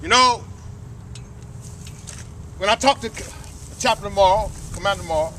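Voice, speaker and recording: A man gives a fiery speech outdoors, his voice unusually high and ringing bright. He works the crowd like a preacher, calling for amens between points. A faint hum of outdoor noise sits under him. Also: a little slow. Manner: preacher-like call and response. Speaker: speaker at a flag ceremony. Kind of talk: impassioned public speech. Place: outdoors at a cemetery ceremony.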